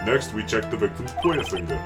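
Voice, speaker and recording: A man's voice: fairly low pitch, animated, a little fast, music in the background, pitched below the performer's own voice, lightly acted. A man voicing an earnest male police detective giving dutiful, report-like testimony.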